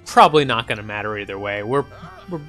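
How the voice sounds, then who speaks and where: A man's voice: lowish voice, animated, fast talker, sharp tone, faint music behind. A man casually commenting on a strategy game as he plays, thinking aloud with frequent ums and small chuckles. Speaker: gaming channel host. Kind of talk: casual let's-play commentary.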